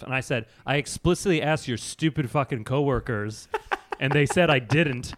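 A man's voice: mid-range voice, normal speed. A man co-hosting a podcast, telling an annoyed travel anecdote in casual chat and acting out both sides of the dialogue. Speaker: podcast co-host.

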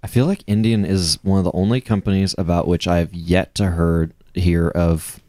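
A man's voice: sits low, steady tone, normal speed, warm tone. A man co-hosting a casual podcast chat, laughing often and reading a listener's email aloud. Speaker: podcast co-host.

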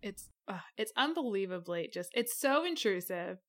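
A woman's voice: mid-range voice, big pitch swings, moderate pace, a bit bright. A woman co-hosting a casual book discussion in an exasperated, mocking way. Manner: exasperated, eye-rolling, mocking.

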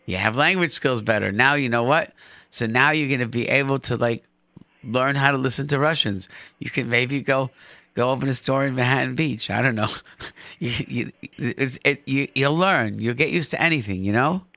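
A man's voice: medium pitch, moderate pace, bright, forceful tone, dry recording. A man hosting a call-in radio show, chatty and encouraging, often repeating his phrases.

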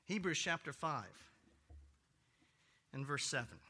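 Male pastor, high and very bright voice, lively sermon delivery that swings loud and soft. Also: slow pace, slightly rough. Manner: animated, swings from loud excitement to quiet earnestness. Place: church sanctuary.

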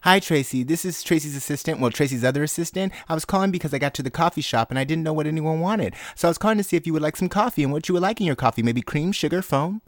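A woman co-hosting a comedy show who plays a deadpan caller in a sketch. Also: low-pitched, rapid-fire, hardly any pauses, dry recording, studio quality. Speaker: comedy podcast co-host. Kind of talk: improvised comedy sketch and banter.

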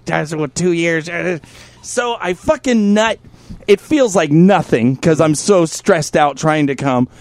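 A middle-aged man hosting a radio show, telling a crude comic story in an animated way, swearing freely and bursting into shouted impressions. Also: high voice, unhurried, no echo.

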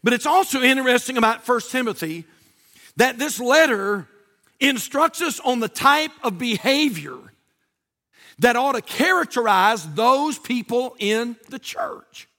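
A male pastor preaching a sermon, stressing key words with slow drawn-out emphasis and rising to shouts. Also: extremely high pitch, expressive.

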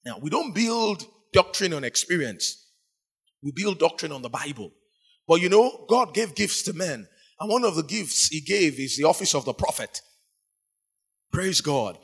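A man's voice: fairly high pitch, husky. A man preaching a sermon, retelling a story and voicing the people in it, with sudden emphatic rises.

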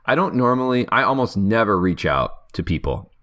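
A man's voice: on the low side, sing-song, moderate pace, a bit bright. A man co-hosting a casual podcast, rambling and teasing his co-host, with many fillers and restarts. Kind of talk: casual podcast chat about fantasy football.

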